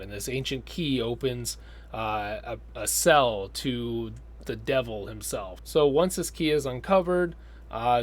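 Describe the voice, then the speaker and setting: A male film reviewer talks casually at a mid-range pitch. His delivery is rambling and sardonic, with lots of fillers.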